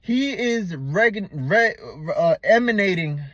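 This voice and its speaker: A man's voice: sits high, animated, slow pace, fairly bright tone, no room sound, muffled recording. A man giving blunt, profane, slangy relationship advice to the camera, calling the viewer "man" and "bro". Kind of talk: unscripted advice monologue.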